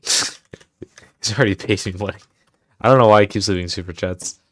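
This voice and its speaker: On a livestream, a man casually talks through his game-building work, muttering commands aloud as he types. His voice is fairly low and a bit bright, at a normal speed, in a dry, clean studio recording.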